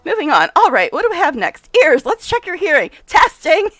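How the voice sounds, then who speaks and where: Woman reading as a nutty lady scholar, high voice that swoops all over, brisk and lecturing, game dialogue. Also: wildly swooping pitch, a bit bright, dry recording, exaggerated voice. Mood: eccentric. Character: eccentric, excitable female scholar obsessed with science.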